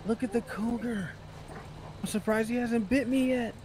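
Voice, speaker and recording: A man's voice: extremely high pitch, fairly even intonation, normal speed, darkish tone, a little hiss or hum, low-quality recording. A man in a roleplay game sounding alarmed and incredulous. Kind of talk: in-character roleplay chat.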